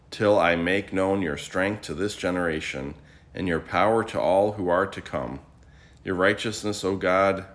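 A man reading morning prayer scripture aloud as a liturgy reader, in a measured, steady recitation. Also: sits low.

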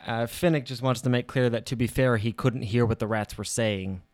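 A man at a tabletop game, chatty and quick with a joke, describing his character's moves in an ordinary midrange voice. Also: medium pitch, fairly even intonation, darkish tone, no echo, studio quality. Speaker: player. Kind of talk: casual tabletop play.

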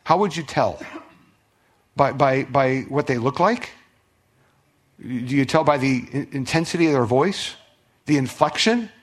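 A middle-aged male pastor preaching a sermon, telling a story with conversational restarts, swinging from loud outbursts to hushed asides. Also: mid-range voice, expressive, measured pace, pauses often. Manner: conversational, repeats words and restarts.

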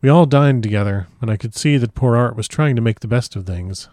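A man reading a first-person literary story aloud in a measured, solemn manner. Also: medium pitch, a little mellow, no room sound. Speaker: audiobook narrator.

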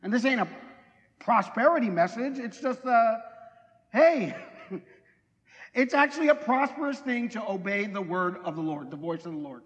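A man with a fairly high voice preaches a relaxed, conversational sermon. He jokes and asks his listeners questions. The sound carries a long reverb from a church hall. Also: normal speed, pauses often, highs cut off. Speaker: pastor.

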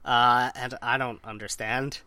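A man's voice: mid-range voice, little pitch movement, a little slow, bright, forceful tone, clear, resonant tone, no echo. A man chatting casually on a podcast, hesitant with lots of fillers and dry humor. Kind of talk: casual chat.

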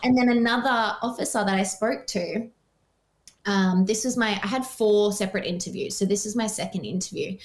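Give me a young Australian woman recounting a story in an animated, casual chat. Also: mid-range voice, moderate pace. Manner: animated, frequent "like" fillers.

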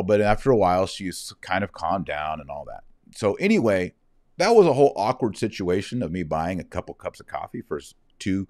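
A man's voice: low-pitched, darkish tone, no room sound, studio quality. A middle-aged man earnestly retelling a conversation and then preaching about repentance, quoting dialogue as he goes. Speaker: speaker telling a story and answering a question. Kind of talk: casual storytelling and preaching.

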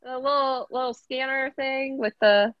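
A woman improvising a tabletop role-play character, playful and quick to laugh. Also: high-pitched, fairly even intonation, dry recording, lo-fi sound. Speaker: player.

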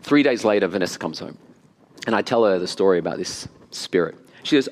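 A man's voice: deep voice, fairly quick. A man from Australia with an Australian accent, preaching a sermon and telling stories with animation and frequent laughter. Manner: storytelling, animated, laughs often. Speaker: pastor. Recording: long hall reverb.

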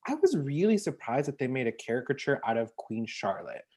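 Animated rambling woman podcast host. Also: extremely low pitch, brisk, slightly rough. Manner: animated, rambling with many fillers and restarts. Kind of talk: casual chat reviewing a TV show.

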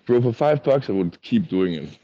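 A man's voice: on the low side, big pitch swings, moderate pace, mellow. A man on a casual podcast, laid-back and self-mocking, with slightly grammar. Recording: dull lo-fi podcast audio.

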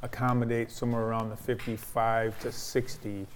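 A man in his sixties, a restaurant owner, explaining his menu and history in plain, steady casual chat. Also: medium pitch, normal speed, a little hiss or hum.

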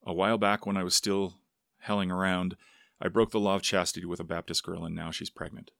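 A man's voice: low voice, level tone, a little fast, creaky, fairly bright tone, no echo, studio quality. A man voicing an anxious, earnest young ranch hand who answers his elders politely. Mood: earnest, uneasy. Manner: polite, says "sir" to elders.

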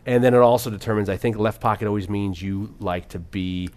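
Male co-host, low-pitched, loose and profane, rambling film chat. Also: fairly even intonation, brisk, darkish tone. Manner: rambling, profane, laughs often. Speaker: podcast co-host. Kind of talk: casual film discussion.

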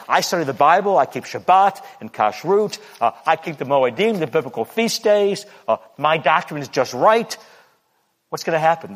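A man's voice: a little high, big-room sound. A man preaching a sermon in an earnest, repetitive way, acting out the boasts he quotes.

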